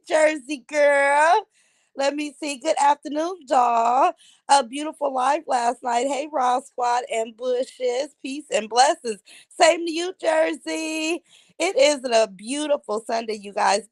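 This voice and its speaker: A woman with a high voice hosts a casual livestream from home and greets her viewers one after another. She chats warmly with them and calls them by pet names. The sound is dry and close, as if spoken straight into a phone. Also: no room sound. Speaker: livestream host.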